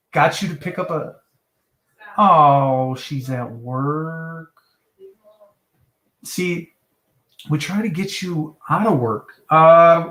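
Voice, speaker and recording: A man chats away on a live stream, joking and drifting from one topic to the next. His pitch swings widely as he talks. The sound carries a roomy echo. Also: a bit bright. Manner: joking, jumps between topics, mimics voices in high falsetto. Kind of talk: rambling live stream chat.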